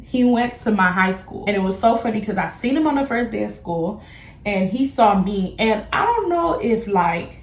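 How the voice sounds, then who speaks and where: A young woman vlogger tells a casual storytime in a candid, slangy way, slipping into the voices of the people she quotes. Her pitch sits right in the middle for a woman. She is recorded indoors, and the room gives her voice a clear echo. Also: animated, moderate pace. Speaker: beauty vlogger.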